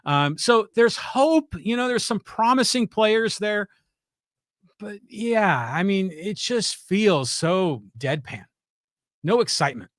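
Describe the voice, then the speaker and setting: A man's voice: sits high, lively intonation, slow, fairly bright tone, no echo, clean studio sound. Easygoing male sports podcast co-host. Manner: easygoing, chatty, questioning. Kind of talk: casual sports talk.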